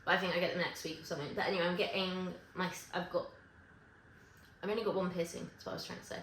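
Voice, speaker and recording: A woman vlogging to camera in casual chat, rambling and correcting herself with quick asides. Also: fairly low pitch, fairly even intonation, a bit bright, a little hiss or hum. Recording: echoey room with faint ambience.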